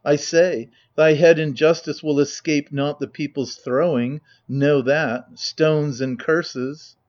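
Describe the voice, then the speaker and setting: A man's voice: a little high, steady tone, slow, darkish tone, highs cut off. A man reading the lines of a chorus of old elders in a grave, formal verse recitation.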